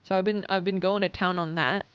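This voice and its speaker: A woman's voice: fairly low pitch, fairly even intonation, brisk, clean tone, no echo, muffled recording. A woman streaming live, chatting casually with viewers, reading chat aloud and swearing as she acts out customers.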